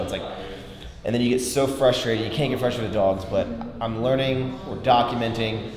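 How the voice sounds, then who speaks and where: A man's voice: medium pitch, fairly quick, roomy sound, in a large hall, a crowd in the background. A young man vlogging casually, talking in a loose, rambling way with lots of "like" and restarts. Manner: rambling, filler-heavy, self-interrupting. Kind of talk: casual vlog chat. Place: large warehouse indoors.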